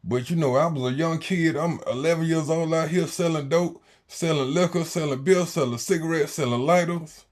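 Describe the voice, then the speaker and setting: A man, telling a story in slangy casual talk that swings between loud and quiet. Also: a little high, moderate pace, hardly any pauses. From Jacksonville, Florida, US. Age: 40s.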